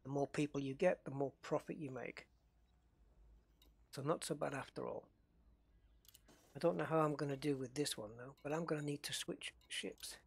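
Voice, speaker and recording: A man's voice: a little high, steady tone, moderate pace, creaky, long pauses, slightly rough, no echo. A middle-aged man from the northeast of England with an English accent, chatting casually and rambling as he streams a game from his desk at home. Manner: chatty, rambling, self-interrupting. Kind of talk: casual live-stream commentary.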